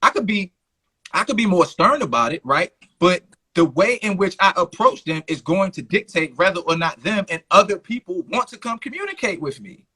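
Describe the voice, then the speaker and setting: Animated high-voiced male talk-show host. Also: normal speed, slightly rough. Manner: animated, acts out quoted lines. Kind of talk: live call-in talk show.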